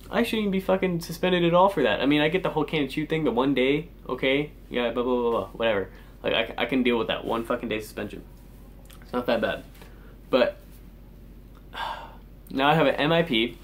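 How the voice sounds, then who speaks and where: A man's voice: mid-range voice, a little fast, a bit bright. A teenage boy ranting angrily in a vlog, swearing constantly and sighing in exasperation. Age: teens. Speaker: vlogger.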